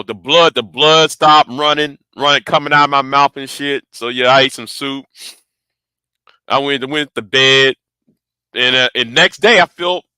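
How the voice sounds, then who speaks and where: A man's voice: mid-range voice, sharp tone, clean tone, no echo. A man telling a story casually to camera, rambling, swearing freely and often stumbling and repeating words. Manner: rambling, profane, stammering repeats. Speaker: vlogger.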